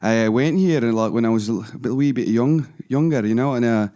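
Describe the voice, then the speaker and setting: A man's voice: mid-range voice, brisk, mellow, close to an everyday voice. A man putting on a chatty Glasgow Scot. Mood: playful. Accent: Scottish, Glasgow. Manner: put-on chatty storytelling, rambling. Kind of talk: comic accent impression in casual chat.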